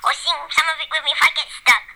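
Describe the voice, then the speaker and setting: A woman voicing an excitable, sweet little girl who chatters breathlessly and giggles. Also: high voice, fast talker, rough recording. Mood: excited. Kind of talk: character role-play.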